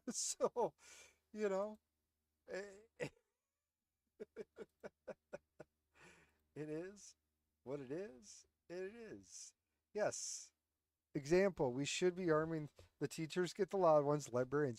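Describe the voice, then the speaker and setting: A man's voice: fairly high pitch, extremely slow, long pauses, no echo. A man hosting his own commentary show from home, ranting bluntly and sarcastically with plenty of swearing, recorded close on a headset. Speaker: host. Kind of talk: casual commentary.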